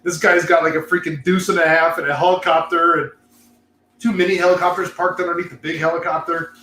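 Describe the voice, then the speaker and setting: A man's voice: on the high side, little pitch movement, fast, sharp tone, reverberant, slight background noise. A man hosting a casual chat show from a cigar lounge, rambling, laughing and swearing as he talks. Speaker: host.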